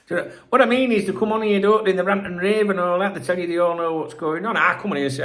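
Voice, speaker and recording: A man's voice: high-pitched, lively intonation, fast, gravelly, a bit bright. A middle-aged man hosting a football channel, ranting in a sweary, exasperated, rambling sign-off to viewers.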